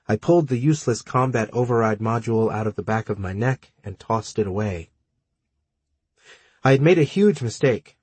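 Dry, husky male audiobook narrator. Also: mid-range voice, dry recording. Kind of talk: scripted first-person narration.

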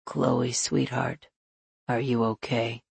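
A woman narrator voicing a big, tattooed blind man who speaks softly and tenderly, lowering her pitch. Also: fairly even intonation, slow, gravelly, slightly rough, no room sound, full character voice. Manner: soft and tender.

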